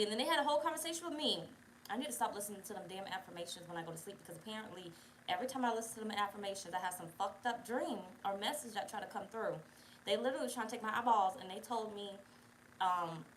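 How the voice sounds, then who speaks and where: A woman's voice: mid-range voice, a bit bright, slight background noise, rough recording. A young woman hosting a casual tarot livestream, chatty, profane and digressive, bossing her viewers around. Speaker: tarot reader, channel host.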